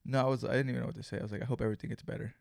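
A man's voice: mid-range voice, steady tone, racing, vocal fry, a little mellow, dry recording, clean studio sound. Laid-back young man telling stories. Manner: laid-back storytelling full of swearing and acted-out quotes. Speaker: podcast co-host. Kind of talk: casual chat.

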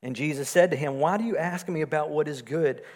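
A man preaching a sermon, swelling louder on his points and dropping soft and low on key phrases. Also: brisk. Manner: rises in volume for emphasis, drops low and soft on key phrases. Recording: long hall reverb.

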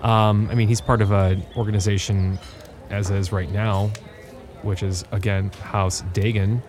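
Low-voiced man playing a tabletop game. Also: flat delivery, measured pace, over music. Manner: gruff, swearing, mock-outraged. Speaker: player.

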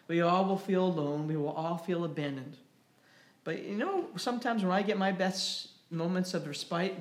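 A man delivers a sermon in a church sanctuary, his voice sitting high for a man. He speaks plainly through scripture and stories, then rises and grows loud and impassioned when he presses a point. The sound carries a roomy echo from the hall. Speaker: pastor.

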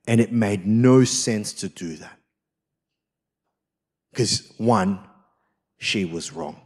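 A male pastor delivering a sermon, telling a personal story with lively swings between loud emphasis and quiet, soft lines. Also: on the low side, breathy edge. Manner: acts out quoted voices.

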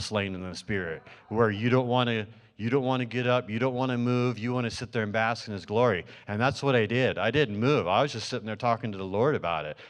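A man sharing a dream as a testimony to his church congregation, telling it as a story with many fillers and restarts. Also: mid-range voice.

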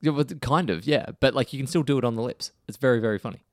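A man's voice: mid-range voice, fast talker, no echo, clean studio sound. A man co-hosting a podcast in a jokey, rambling casual chat, with the microphone right at his lips. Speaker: podcast co-host.

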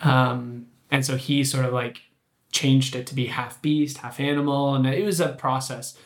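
A man's voice: mid-range voice, a little slow. A man, a creature performer, telling a story in casual chat and acting out the quotes in it. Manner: animated, acts out quotes in his story. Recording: roomy echo.

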